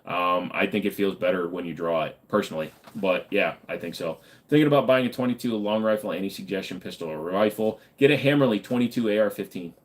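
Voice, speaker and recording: A man's voice: low voice, fast, hardly any pauses. A man hosting a casual livestream, reading viewers' chat aloud and answering with loose, joking, profane banter. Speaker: livestream host.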